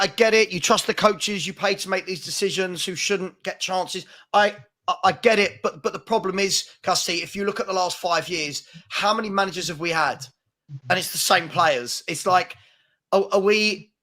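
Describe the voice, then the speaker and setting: A man hosting a live fan chat show, talking in animated, exasperated bursts with plenty of mock outrage. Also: high-pitched. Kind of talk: casual live-stream football chat.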